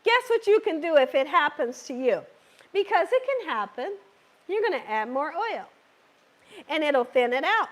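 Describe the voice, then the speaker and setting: A woman with a hoarse, scratchy voice hosts a live cooking demonstration in her home kitchen. She talks in a chatty, reassuring way and keeps checking in with her viewers. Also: sits high, big pitch swings, normal speed. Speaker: cooking channel host.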